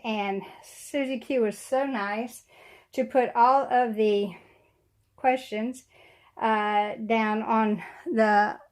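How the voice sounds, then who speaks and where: A middle-aged woman, chatting casually to camera at home, her voice a little weak and short of breath, rambling with fillers and small laughs. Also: on the high side. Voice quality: slightly weak voice. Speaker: doll collector vlogger. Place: room at home.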